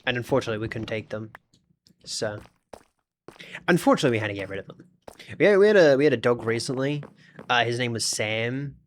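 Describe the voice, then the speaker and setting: A man's voice: mid-range voice, lively intonation, a little fast, pauses often, a little hiss or hum. A man with an Australian accent, chatting casually with his audience during a gaming livestream in a rambling, talkative way. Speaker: streamer.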